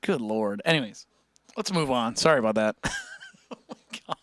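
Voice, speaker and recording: A man's voice: mid-range voice, expressive, brisk, fairly bright tone, dry recording. A young man hosting a music livestream, rambling and joking with his chat and laughing often. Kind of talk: casual chat with live chat.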